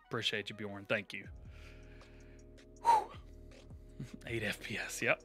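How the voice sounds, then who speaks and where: Excitable gamer streaming live. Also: male voice, on the low side, slow pace, pauses often. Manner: excitable, laughs often, thanks chat warmly. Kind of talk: casual live stream chat. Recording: light game music behind.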